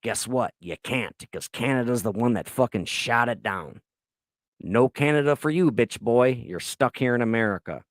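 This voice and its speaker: A man hosting a podcast in casual chat, rambling excitedly and swearing often. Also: mid-range voice, moderate pace, no echo. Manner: profane, rambling, excitable storytelling. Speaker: podcast host. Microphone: laptop recording.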